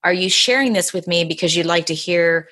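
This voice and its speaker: Podcast host, woman, deep register, casual rambling storyteller. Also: a little fast, pushed and bright. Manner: chatty, storytelling, frequent fillers and restarts. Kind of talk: casual conversation.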